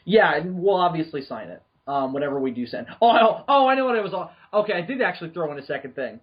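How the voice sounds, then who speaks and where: A man hosting a podcast in casual chat, joking, swearing freely and getting excited. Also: on the high side, quick pace, dull audio. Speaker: podcast host.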